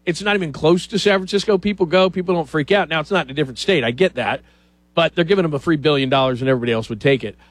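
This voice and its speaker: A male talk show host chats casually and holds strong opinions, often slipping into mock quotes. His voice sits a little high, and it is recorded dry and close with no room sound. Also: very fast, no room sound.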